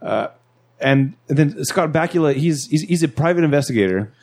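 Halting man talking over a film. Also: fairly high pitch, lively intonation, darkish tone. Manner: halting, repeats words and stumbles over starts. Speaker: podcast co-host. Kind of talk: casual movie discussion.

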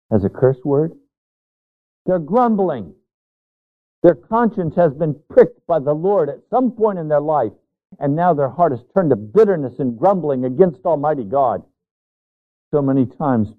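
A man pastor preaching a sermon with emphasis, stretching out key words. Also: a little high. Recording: tinny, phone-like narrow sound.

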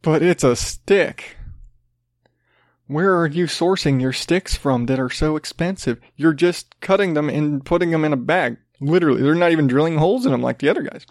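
A man's voice: fairly high pitch, lively intonation, moderate pace, no room sound, clean studio sound. A man hosting a podcast, ranting sarcastically with plenty of swearing and rambling restarts. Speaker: podcast host. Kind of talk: casual ranting commentary.

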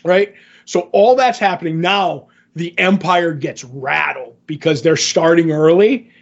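A man co-hosting a podcast, retelling a show scene by scene in an animated, casual way. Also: on the high side, a little slow, gravelly, lo-fi sound. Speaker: podcast co-host. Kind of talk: casual podcast chat recapping an episode.

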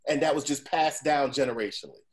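This man, in his forties, hosts a podcast where he swaps stories casually, swears a lot, and keeps asking "right?" to hold his listener's attention. He talks fast in a mid-range voice.

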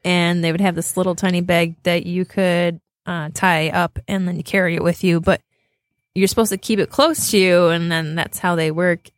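A woman's voice: fairly low pitch, steady tone, moderate pace, dry recording, studio quality. A woman co-hosting a casual podcast chat, telling stories with lots of laughter and acted-out quotes. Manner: laughing storyteller, acts out quotes. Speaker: podcast co-host.

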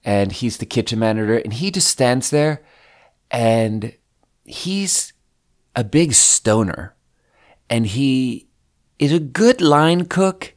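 A man's voice: medium pitch, animated, slow pace, pauses often. A man hosting a podcast who tells a rambling, profane story in a casual way. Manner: rambling and profane, with frequent fillers. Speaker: podcast host.

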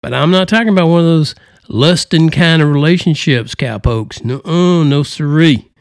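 A man's voice: fairly high pitch, moderate pace, dry recording. Male podcast host, put-on Southern drawl, folksy joker, dry close-mic sound. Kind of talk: folksy casual monologue.

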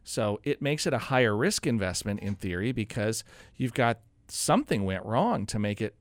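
A man's voice: fairly low pitch, big pitch swings, normal speed, dry recording. A man co-hosting a live radio show, explaining things casually with frequent restarts and laughs. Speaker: co-host.

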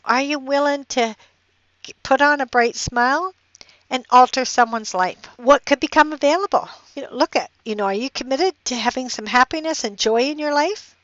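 An older woman giving a chatty motivational talk, halting and restarting often and laughing as she goes. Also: high voice, fairly bright tone, dry recording, highs cut off.

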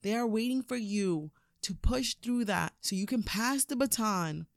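A woman hosting a podcast, giving an energetic, preachy motivational talk and laughing often. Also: mid-range voice, a little slow, vocal fry, no echo, studio quality. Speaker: podcast host, motivational speaker.

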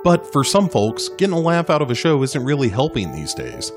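A man reads a scripted appeal for a podcast network in a friendly, conversational tone, his pitch moving in a lively way. Music plays clearly behind his voice throughout. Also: brisk. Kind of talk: scripted promo read.

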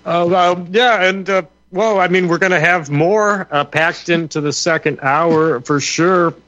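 A male radio talk show host steering a panel, hesitant and full of fillers. His voice sits a bit high, heard over a dull, lo-fi line with a dry sound. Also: a little slow, a bit bright, dry recording. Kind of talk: hosting a panel roundtable.

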